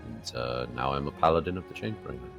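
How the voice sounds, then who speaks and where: A man's voice: rumbling low, fast, vocal fry, soft background music. A man playing a character in an online tabletop game, joking and breaking into laughter. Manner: joking, bursts into loud laughter. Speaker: player. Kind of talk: casual tabletop play.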